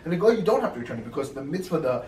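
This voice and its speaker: Male class teacher, quick animated storyteller, recorded distant in a reverberant room. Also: a little high. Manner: fast, animated storytelling with many fillers. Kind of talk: informal Torah class with students. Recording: echoey room, mic far off, faint noise.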